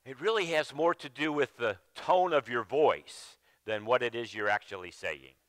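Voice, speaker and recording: A male pastor preaching a sermon with emphasis, often dropping to a low, quiet voice and restarting his sentences. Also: normal speed, dry recording. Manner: repeats phrases and restarts mid-sentence. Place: church sanctuary.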